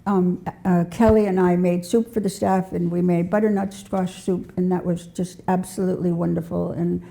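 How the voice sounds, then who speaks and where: A woman's voice: lowish voice, level tone, moderate pace, creaky. An older woman telling rambling community stories, often restarting her sentences and laughing as she goes. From New Hampshire. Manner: warm rambling anecdotes with frequent restarts and laughter. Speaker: storyteller sharing community memories. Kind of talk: casual spoken storytelling.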